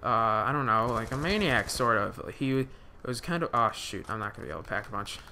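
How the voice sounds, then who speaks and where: A man's voice: mid-range voice, lively intonation, fast talker, bright, forceful tone, a little hiss or hum. A young man giving live gameplay commentary, rambling with many fillers and restarts, swearing when startled. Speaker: gaming commentator.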